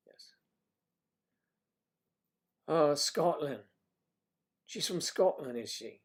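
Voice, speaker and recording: Very slow and full of frequent pauses, a slightly high-voiced man with lively intonation hosts a laid-back livestream. He reads viewer comments, punning playfully and sometimes sinking into a whisper.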